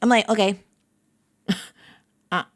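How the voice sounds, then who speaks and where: A woman's voice: medium pitch, slow pace, dry recording, clean studio sound. A woman streamer casually telling a story to her chat, acting out the quotes from it. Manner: animated anecdote telling with acted-out quotes.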